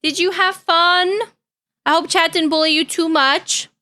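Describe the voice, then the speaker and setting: High bright-voiced young woman streamer. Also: steady tone, unhurried. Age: young adult. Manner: chatty, caring, playful. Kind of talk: casual reaction-stream chat.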